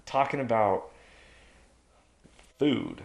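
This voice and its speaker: A man's voice: mid-range voice, expressive, extremely slow, creaky. A man talking as a guest on a podcast in a casual chat, emphatic and preachy as he drives his points home.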